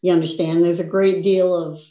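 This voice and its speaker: A woman with a fairly low, level, warm voice teaches a Bible lesson in sermon form at a moderate pace, in a roomy-sounding space. Her preaching is conversational, and she keeps checking in with "you understand?" and "see?"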